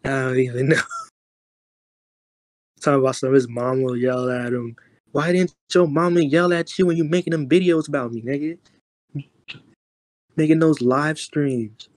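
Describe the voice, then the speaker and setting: A man's voice: mid-range voice, steady tone, moderate pace, pauses often, a little mellow, dry recording, studio quality. A young man streamer rambling in casual, slangy, profane talk while roasting someone on a voice chat. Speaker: online streamer.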